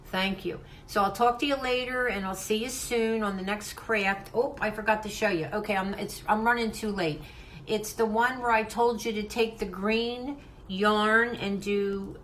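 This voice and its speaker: A woman's voice: mid-range voice, a bit bright, slight background noise, poor audio. Older woman, heartfelt rambling vlog talk. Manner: heartfelt, rambling, with repeated restarts. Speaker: craft channel host. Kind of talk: casual vlog talk to viewers.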